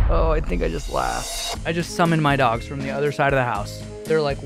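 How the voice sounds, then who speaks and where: A young man reacting to memes in an excitable, slangy way, often slipping into silly voices. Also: fairly high pitch, a little fast, vocal fry. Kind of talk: casual reaction commentary. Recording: music playing behind.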